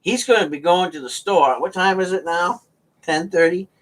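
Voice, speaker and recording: A man's voice: high voice, moderate pace. A man chatting casually and rambling on a livestream, joking and laughing often. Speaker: livestream host.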